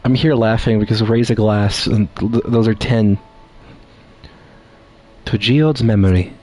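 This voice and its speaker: A man's voice: fairly low pitch, flat delivery, normal speed, mellow, soft background music. A man streaming a game, chatting in stammering, laughing asides as he plays. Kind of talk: casual gameplay commentary.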